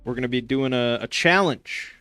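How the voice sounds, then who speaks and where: A young streamer hosting a gaming chat show rambles casually with a sarcastic edge, stumbling over fillers and restarts. His bright, crisp voice is medium-pitched at a moderate pace, recorded close and dry with no room sound and faint music beneath.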